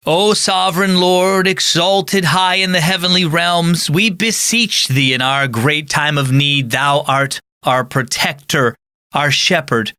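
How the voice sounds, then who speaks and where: A man's voice: fairly high pitch, slow pace, sharp tone, clear, resonant tone, no echo, clean studio sound. A man imitating a pompous older churchman praying in solemn, old-fashioned formal phrasing.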